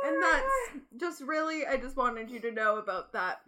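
High bright young woman telling a story. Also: normal speed, few pauses. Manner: animated, laughing storyteller. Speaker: podcast co-host. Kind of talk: casual chat, storytelling.

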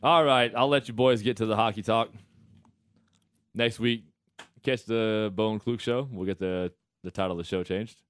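Podcast co-host, man in his thirties, low and dry, laughs through his stories. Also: fairly even intonation, normal speed, long pauses, no echo. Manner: joking, storytelling, laughing often. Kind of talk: casual chat.

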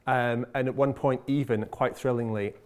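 A man's voice: mid-range voice, steady tone, normal speed, clear, resonant tone. A man interviewing an author, asking chatty and enthusiastic questions. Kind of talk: conversational interview.

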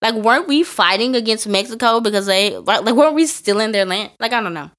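A young woman co-hosting a podcast in casual chat, emphatic and animated, her voice climbing into exclamations. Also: on the high side, quick pace. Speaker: podcast co-host.

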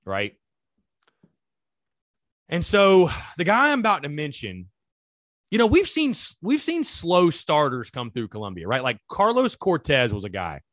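A man hosts a solo sports podcast in a loose, animated, conversational way, talking straight to his listeners. His voice sits a bit high and swings widely up and down as he talks. The recording is dry and close, with no room sound. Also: a little slow, long pauses, no room sound. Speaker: podcast host.

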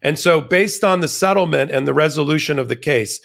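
Animated man explaining law, somewhat high. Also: brisk, vocal fry. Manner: animated, argumentative explaining with frequent restarts. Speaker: legal commentator guest. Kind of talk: conversational interview.

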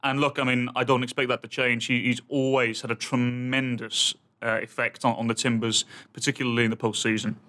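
A man's voice: mid-range voice, fairly quick, few pauses. A man, a soccer commentator co-hosting a podcast, talking casually and getting fired up about pronunciation. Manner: animated, laughs often, fired up about pronunciation. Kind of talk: casual chat.

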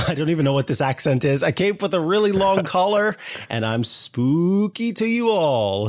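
A man hosts a casual tech podcast at an unhurried pace, with a voice that swoops up and down. He keeps it playful and laughs easily, and the sound is dry and close, with no room around it. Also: mid-range voice, no room sound. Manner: playful, laughs often, slow and lively delivery. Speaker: podcast host.

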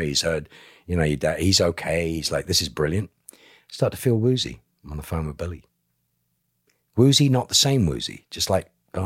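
A man, a podcast guest, telling a personal story in an animated way and acting out other people's lines. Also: extremely low pitch, slightly rough, dry recording, clean studio sound. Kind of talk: emotional storytelling.

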